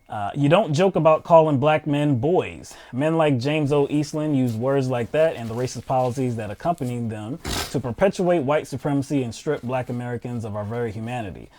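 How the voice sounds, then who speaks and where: A male talk show co-host in an easy, conversational delivery, pausing with fillers as he reads quotes from his notes. His pitch sits in the middle range. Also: a little mellow. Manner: conversational, with frequent fillers while reading quotes aloud. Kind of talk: casual political commentary, reading news quotes.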